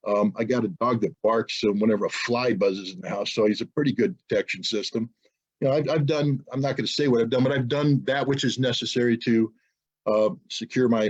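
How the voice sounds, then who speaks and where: An American man speaking as a webinar guest, indignant and forceful, with rhetorical questions. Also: medium pitch, husky, muffled recording. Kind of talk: impassioned webinar talk. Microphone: video call.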